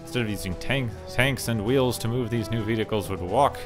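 A man's voice: mid-range voice, fairly quick, over music. A man hosting a gaming video, reading the game's story text aloud and adding wry, sarcastic asides in a casual let's play style. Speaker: gaming channel host.

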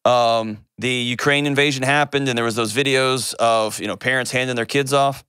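A man's voice: medium pitch, steady tone, moderate pace, pushed and bright, clear, resonant tone, dry recording, studio quality. A middle-aged man hosting a call-in advice show, speaking earnestly and emphatically, often repeating words for weight.

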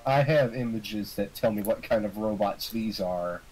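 A man's voice: lowish voice, normal speed, over a noisy crowd, rough recording. A man playing a tabletop game, chatting loosely and joking with profanity. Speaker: player. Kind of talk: casual chat at a tabletop game.

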